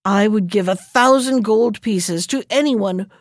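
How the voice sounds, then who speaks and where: A woman's voice: mid-range voice, measured pace, no echo, clean studio sound, close to an everyday voice. Woman doing an imperious sultan. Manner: imperious, demanding. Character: commanding, hot-tempered male sultan.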